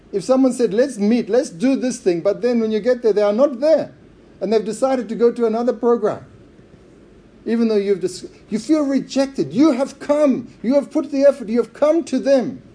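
A man preaching a sermon in a church, emphatic and repetitive, swinging between loud stresses and quiet drops. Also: very high-pitched, lively intonation, moderate pace. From outsider to Zambia.

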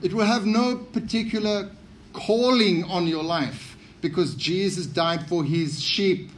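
A man's voice: high-pitched, a little hiss or hum. A man preaching a sermon, emphatic and often repeating key phrases for stress.

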